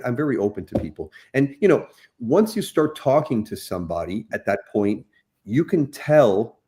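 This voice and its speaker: A young man chatting as an interview guest, his pitch rising and falling with lively energy. He talks in an animated way, often repeating words and restarting sentences. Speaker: guest, real estate professional. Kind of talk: casual interview storytelling.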